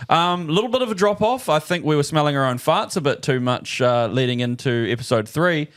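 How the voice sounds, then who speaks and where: A man's voice: on the high side, animated, fairly quick, a crowd in the background, noisy background. A man in his thirties with a New Zealand accent, co-hosting a podcast with loose, joking banter. His voice sits a little above the usual male range. He rambles and hunts for the right word. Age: 30s. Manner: jokey, rambling, searches for words. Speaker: podcast co-host. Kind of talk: casual banter.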